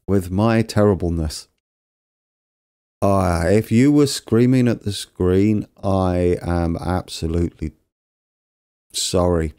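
A man with a low, dark voice provides casual gameplay commentary in a let's play. Chatty and self-deprecating, he talks to his viewers as he fixes trains and jokes about his own errors.

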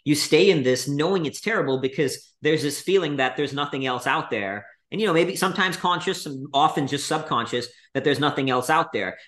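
A man's voice: fairly high pitch, fairly bright tone. A man as a podcast guest, building his points steadily in long reflective sentences. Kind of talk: reflective interview answers. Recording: roomy echo.

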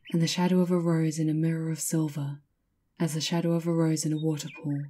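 A woman reads a fairy tale aloud in a measured, lyrical manner. Her voice is low and husky, with a mellow, dark warmth that fits a storybook reading. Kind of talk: scripted storybook narration.

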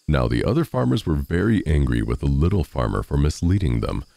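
A man reading a fairy tale aloud as a storyteller, in an expressive, animated way. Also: extremely low pitch, brisk, gravelly, no room sound.

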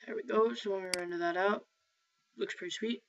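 A woman's voice: medium pitch, a little fast. Woman, casual screen-recording tutor, chatty and filler-heavy, faint hiss and mouse clicks behind. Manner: rambling, self-correcting, filler-heavy. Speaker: software tutorial maker. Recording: dull lo-fi mic with faint noise.

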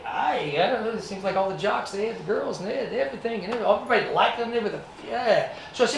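A man's voice: high-pitched, fast, vocal fry, few pauses, a little hiss or hum. Man telling a motivational story. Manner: animated, acts out scenes. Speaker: guest speaker. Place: presentation room with students. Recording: echoey room, mic at a distance.

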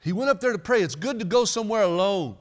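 A man's voice: sits high, lively intonation, fast. A man preaching a sermon in a church, chatty and joking with the congregation between readings. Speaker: pastor. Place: church sanctuary.

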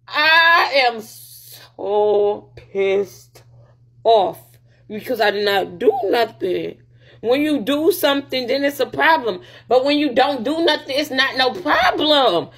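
A woman's voice: sits high, animated, takes it slowly, a bit bright. A young woman on a livestream, venting in a heated, profane rant and sounding upset, close to tears.

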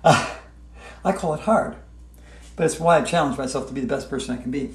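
A man teaching a playful yoga routine in a whimsical, gently encouraging way. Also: medium pitch, fairly quick. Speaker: yoga instructor. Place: hotel room. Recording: roomy echo.

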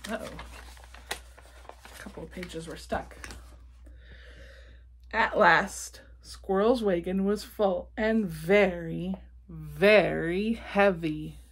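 A woman reading a picture book aloud to children, gently asking them questions about the pictures. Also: medium pitch, slow pace, long pauses, slightly rough. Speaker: children's storybook reader.

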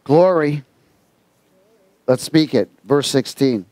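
A man preaching a sermon, telling stories with lively quoted voices and reading scripture aloud. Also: medium pitch, slow, no echo. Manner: animated storytelling with quoted voices. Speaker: pastor.

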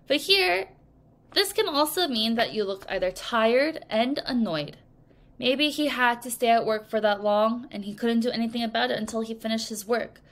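A woman teaching English vocabulary to children in a recorded lesson, speaking slowly and clearly and acting out example sentences. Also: a little high, a bit bright. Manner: slow, clear teacherly delivery with acted examples.

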